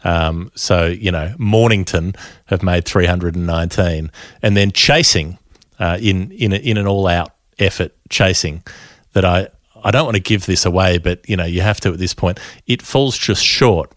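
A man's voice: low voice, normal speed, fairly bright tone, no echo. An Australian man co-hosting a casual podcast, chatting with dry, jokey banter. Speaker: podcast co-host.

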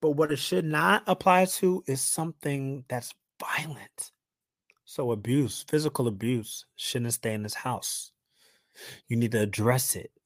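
A young man hosting a solo talk show, speaking in an animated preaching cadence, firing rhetorical questions and acting out quoted voices with big swings in pitch and loudness. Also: unhurried, dry recording, clean studio sound. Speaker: podcast host.

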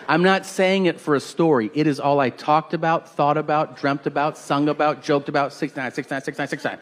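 A man's voice: on the high side, fairly quick, hardly any pauses. A man doing a stand-up comedy set, telling a crude, exaggerated story and acting out the people in it. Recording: live audience noise. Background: crowd laughter and ambience.

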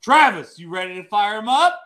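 A man co-hosting a casual sports podcast, excitable, loose and profane. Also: sits high, brisk, background noise. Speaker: podcast co-host. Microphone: headphones and mic over call.

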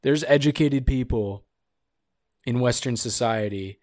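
A man's voice: medium pitch, a little slow, darkish tone, dry recording, studio quality. A young man hosting a podcast, riffing on the news in a sarcastic, rambling, jokey way. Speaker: podcast host. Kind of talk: casual comedic podcast monologue.

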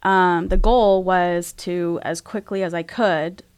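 A woman speaks as a guest, candidly recounting something painful. Her delivery is frank and halting, and she is close to tears. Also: on the low side, steady tone, smooth. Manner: frank, halting, emotional retelling. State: tearful. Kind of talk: candid personal storytelling.

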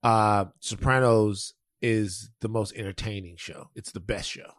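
A man's voice: on the low side, fairly even intonation, unhurried, dry recording, clean studio sound. A man co-hosting a podcast, talking in a casual, opinionated way. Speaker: podcast co-host. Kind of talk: casual chat.

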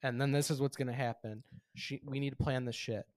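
Young male podcast co-host, teasing and chatty, mid-pitched, dry close recording. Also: fairly even intonation, brisk, darkish tone, no echo. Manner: laughs often, teasing, lays out hypotheticals. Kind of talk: casual podcast conversation.

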